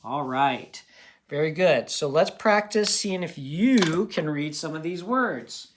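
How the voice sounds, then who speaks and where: A man's voice: on the high side, expressive, slow pace, a little hiss or hum. A man teaching a phonics lesson to children, patient and encouraging, checking in often with "okay?".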